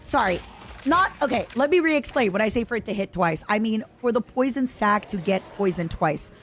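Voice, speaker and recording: A young woman with an Eastern European accent streams a game live, reacting excitably and chatting with viewers. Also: a little high, normal speed, a little hiss or hum. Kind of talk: live gaming stream chat.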